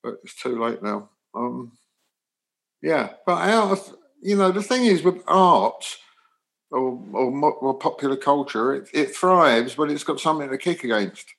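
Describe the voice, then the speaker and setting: A man from England, a guest musician in his sixties, telling animated anecdotes in an interview. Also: mid-range voice, a little slow, gravelly, rough recording. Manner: animated anecdotes, acts out dialogue. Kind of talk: storytelling interview.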